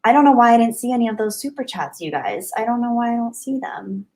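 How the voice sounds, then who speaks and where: A woman hosting a casual livestream, chatty and upbeat, thanking viewers by name and often trailing off softly. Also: a little high, lively intonation, quick pace, low-quality recording. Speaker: livestream host. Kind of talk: casual live chat reading comments.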